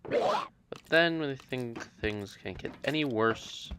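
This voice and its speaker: A man with a lowish voice tells a game adventure as its narrator, holding a flat, deliberate monotone. The recording carries a steady hiss of background noise. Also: vocal fry. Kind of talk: comic gameplay narration.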